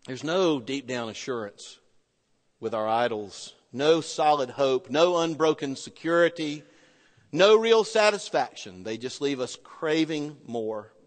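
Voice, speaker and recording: A man preaching a sermon as a pastor, animated and swinging from loud emphasis to hushed, low asides. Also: a little slow, big-room sound.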